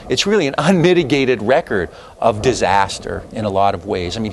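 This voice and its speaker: Guy lecturing a history class, super animated pitch, lots of um and you know, bit of noise in the room. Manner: animated, conversational, opinionated, many fillers and restarts. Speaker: history professor. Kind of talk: university lecture. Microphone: lecture hall recording.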